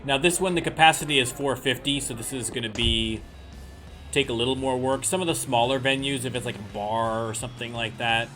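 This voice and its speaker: A man's voice: mid-range voice, fairly quick, pushed and bright. A man hosting a let's play, casually commenting on a music game in a chatty, wry, self-deprecating way.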